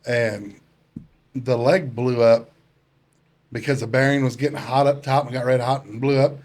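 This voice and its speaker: A man who is a guest on a casual podcast chat, telling stories in a relaxed, plain-spoken way. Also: mid-range voice, normal speed.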